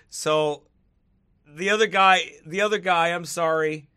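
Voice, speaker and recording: A man's voice: a little high, takes it slowly, sharp tone, clean tone, no room sound, studio quality. A man giving casual commentary to camera, mocking and often laughing between remarks, turning preachy when he gets serious. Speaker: online video commentator.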